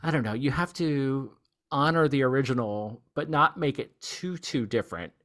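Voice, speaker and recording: Male podcast host, relaxed and chatty, asking the guest questions. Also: mid-range voice, moderate pace. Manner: easygoing, chatty, with self-deprecating asides. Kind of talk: casual interview chat.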